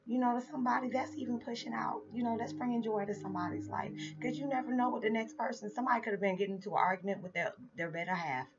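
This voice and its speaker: A woman in her forties, gently and earnestly talking through a casual spiritual vlog and often saying "it's just like.". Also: a little high, very fast, few pauses. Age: 40s. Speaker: vlogger. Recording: dull lo-fi sound with music behind. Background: meditation music.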